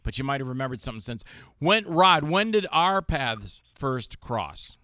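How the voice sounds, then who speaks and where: A man hosting a casual talk show, telling animated stories and acting out what others said. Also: mid-range voice, normal speed, dry recording, studio quality. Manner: animated storyteller, acts out quotes of others. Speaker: show host. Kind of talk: casual chat with jokey impressions.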